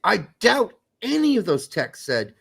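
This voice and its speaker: Male co-host, blunt and profane, slightly high, very animated delivery. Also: a little slow, vocal fry, slightly rough. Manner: blunt, profane, jumps into mock voices. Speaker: podcast co-host. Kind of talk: casual chat.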